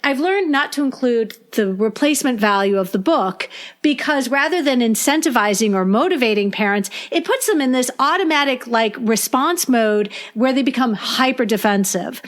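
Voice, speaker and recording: A woman school librarian talking on a podcast, telling stories with lively energy, acting out parents' complaints, and often restarting her sentences. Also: fairly high pitch, moderate pace. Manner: animated storyteller, acts out parents' complaints; frequent restarts and repeated words. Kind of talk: podcast conversation.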